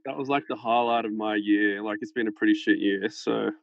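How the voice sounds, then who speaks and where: A man's voice: fairly low pitch, fairly even intonation, brisk, vocal fry, dry recording, highs cut off. A man guest on a podcast, telling a rambling, swear-filled anecdote in casual chat over a phone held close to his head. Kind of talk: casual storytelling. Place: farmhouse.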